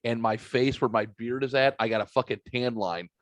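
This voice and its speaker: A man's voice: medium pitch, brisk, no room sound. A man hosting a podcast, talking in a profane, rambling, self-mocking way. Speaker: podcast host. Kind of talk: casual podcast banter.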